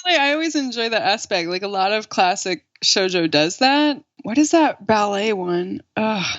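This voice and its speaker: A woman's voice: medium pitch, lively intonation, moderate pace, no echo. A woman translator guest in a casual podcast discussion, chatty and explanatory, often laughing. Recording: slightly muffled dry recording.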